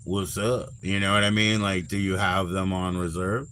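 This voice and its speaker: Male host, 40s, casual stream chat, profane and rambling, low voice, faint night ambience. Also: level tone, moderate pace, a bit bright, slight background noise. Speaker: livestream host.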